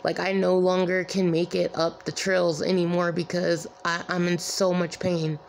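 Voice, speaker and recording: Weary, gravelly woman vlogging. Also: lowish voice, level tone, a little hiss or hum. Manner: rambling, halting, many repeated "like"s. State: weary and distressed. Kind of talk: emotional personal vlog.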